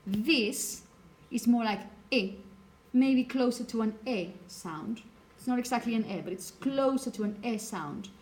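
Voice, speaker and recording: High-voiced teacher explaining pronunciation. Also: female voice, unhurried, hardly any pauses, darkish tone. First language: Spanish. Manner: explanatory, checks understanding with "okay?". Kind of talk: phonetics lecture to a class.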